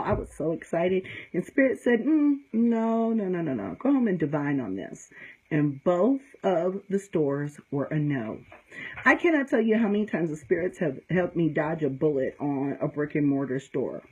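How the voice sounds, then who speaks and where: A woman's voice: fairly low pitch, darkish tone, husky, low-quality recording. A middle-aged woman from the United States, a conjure practitioner, giving blunt, profane, straight-talking advice in a casual teaching talk, often checking in with "okay?". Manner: emphatic storytelling with frequent "okay?".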